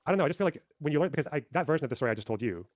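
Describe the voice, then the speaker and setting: A man's voice: fairly high pitch, animated, racing, dry recording. A man hosting a live stream, arguing heatedly, swearing often and pressing with repeated questions. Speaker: streamer host.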